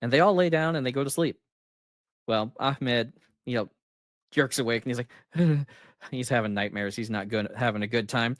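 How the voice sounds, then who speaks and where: Animated storytelling man, dry close sound. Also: moderate pace, dry recording. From United States. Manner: animated storyteller, acts out quotes with big pitch jumps and laughs. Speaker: author and channel host. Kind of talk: casual movie retelling to camera.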